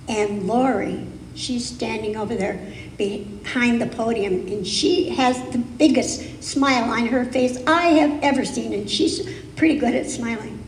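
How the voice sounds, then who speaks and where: A woman preaching as a guest speaker, her voice sitting a little high and moving very slowly through each emphatic phrase. The sound carries the long, roomy echo of a sanctuary hall, with a faint hiss beneath it. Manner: slow, deliberate, emphatic phrasing. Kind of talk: sermon. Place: spiritual center sanctuary. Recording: echoey hall, live stream.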